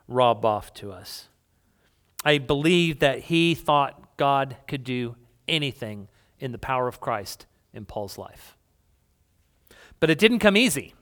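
Smooth, higher-voiced pastor preaching casually. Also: male voice, fairly bright tone. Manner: conversational, playful asides to congregation. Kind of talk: sermon. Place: church hall with congregation.

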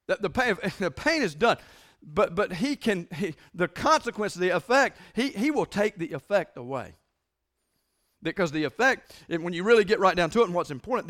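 A man preaching a sermon as pastor, emphatic and repetitive, swinging between loud declarations and hushed lines. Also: high-pitched, sing-song, moderate pace.

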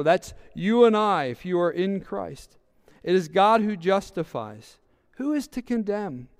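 A man's voice: high voice, big pitch swings, a little slow. A male pastor preaching a sermon, repeating words for emphasis and reading scripture aloud.

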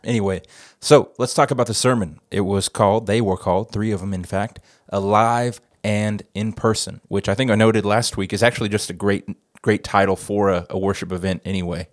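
A man's voice: fairly low pitch, fairly even intonation, a little fast, few pauses, dry recording, studio quality. Chatty man hosting a church podcast. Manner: chatty, rambling, jokes at himself. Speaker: podcast host. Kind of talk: casual church podcast chat. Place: church office studio.

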